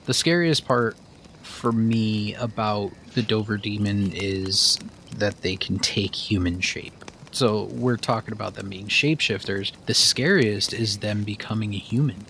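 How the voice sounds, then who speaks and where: A man co-hosting a podcast, telling crude, animated stories in casual chat. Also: fairly low pitch, measured pace, gravelly, a little hiss or hum. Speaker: podcast co-host.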